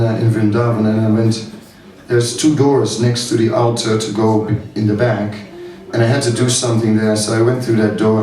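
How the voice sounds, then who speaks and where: A man's voice: medium pitch, darkish tone. A man, a monk giving a seminar, telling stories with frequent chuckles. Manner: slow, chuckling, anecdotal. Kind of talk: storytelling talk. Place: hall at a summer camp. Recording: echoey hall from far off, audience.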